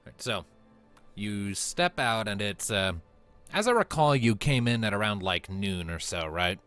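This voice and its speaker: Relaxed game master narrating a scene. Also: male voice, fairly low pitch, a little slow, clean tone, faint music behind. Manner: relaxed, descriptive, with fillers.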